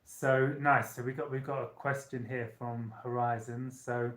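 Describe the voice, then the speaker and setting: A man's voice: mid-range voice, flat delivery, unhurried, fairly bright tone. A man hosting a casual live stream from a small hotel room. He rambles chattily and talks straight to his viewers. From United Kingdom. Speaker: channeler and live-stream host. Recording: roomy echo.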